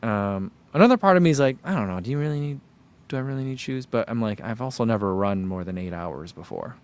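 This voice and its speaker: A man in a relaxed vlog, talking about running shoes in a loose, rambling way. His voice sits at an ordinary middle pitch, and he reads out viewer comments between his own asides. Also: fast, clean tone. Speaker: running shoe reviewer. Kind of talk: casual vlog chat.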